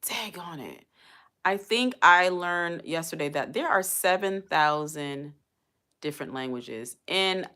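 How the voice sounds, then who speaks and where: A middle-aged woman with a low voice chats on a live stream in a loose, casual way. She muses aloud and drifts from one thought to the next. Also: fairly bright tone. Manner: chatty, musing aloud, drifts between topics. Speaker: vlogger.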